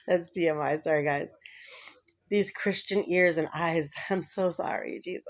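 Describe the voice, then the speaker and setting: A woman's voice: on the low side, unhurried. A woman vlogger talking in a rambling, casual chat to camera, laughing often between thoughts.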